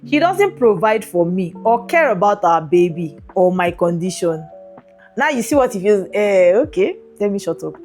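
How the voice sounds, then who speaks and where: A woman hosts a chatty podcast and reads listener letters aloud. She breaks into laughter between passages. Her pitch rises and falls widely over soft background music. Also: sing-song, moderate pace. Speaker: podcast host.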